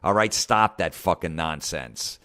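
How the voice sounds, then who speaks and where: A middle-aged man hosting a podcast, ranting in a profane, sarcastic way and mocking people with quick impressions. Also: sits low, bright, forceful tone. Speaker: podcast host. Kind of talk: comedic rant.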